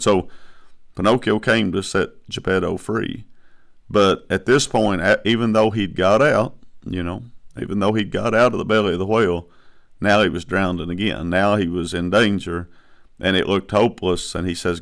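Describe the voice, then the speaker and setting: A man's voice: deep voice, creaky. A man preaching a sermon, impassioned and emphatic, often restarting his phrases as he builds to a point. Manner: impassioned, rising to emphatic bursts, frequent restarts.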